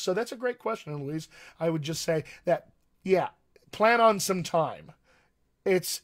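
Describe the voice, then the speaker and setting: A middle-aged man, a dialect coach, answering viewer questions in a live online session, explaining with analogies and restarting phrases as he thinks. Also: high voice. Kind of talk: live-streamed Q&A teaching.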